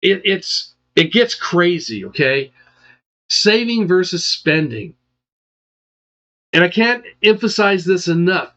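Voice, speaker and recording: A man with a slightly high voice walks through retirement figures as a financial advisor. He talks emphatically and keeps checking in with "okay?" and "all right?". The recording sounds muffled and lo-fi. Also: sing-song, takes it slowly, pauses often, sharp tone. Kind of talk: explaining retirement charts. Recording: dull lo-fi sound.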